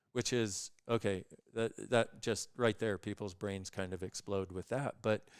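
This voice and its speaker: A man appearing as a guest, telling stories in an animated way and acting out other people's voices as he goes. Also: on the low side, no echo, studio quality. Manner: acts out other people's voices in lively quoted dialogue. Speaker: guest speaker on consciousness. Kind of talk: animated storytelling in conversation.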